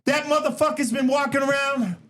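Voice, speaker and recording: A man putting on the voice of a brash, cocky male fighter who shouts boastful trash talk. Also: very high voice, steady tone, fairly quick, voice pushed up.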